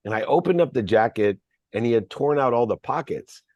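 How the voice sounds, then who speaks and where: A man's voice: medium pitch, lively intonation, brisk, dry recording, dull audio. A man, a podcast guest, telling a personal story in an earnest, reflective way.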